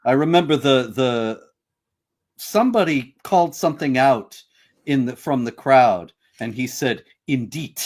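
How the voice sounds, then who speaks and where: Halting man telling an anecdote. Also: medium pitch, animated. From of Greek descent. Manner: halting storyteller. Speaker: guest. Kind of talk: casual stream chat, anecdotes.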